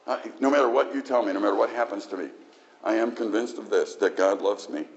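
A man's voice: fairly low pitch, quick pace, dull audio. A male pastor preaching a sermon in an emphatic, conversational way with frequent restarts.

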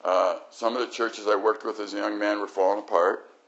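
An older man preaching a sermon, animated, swinging from loud exclamations to quiet, reflective stretches. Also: lowish voice, brisk. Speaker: pastor. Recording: dull lo-fi recording.

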